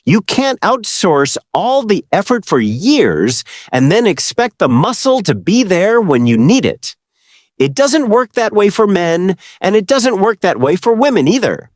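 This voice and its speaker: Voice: medium pitch, sing-song, a little slow, no room sound, studio quality. Judgmental commentary narrator addressing viewers. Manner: judgmental, lecturing. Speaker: channel narrator.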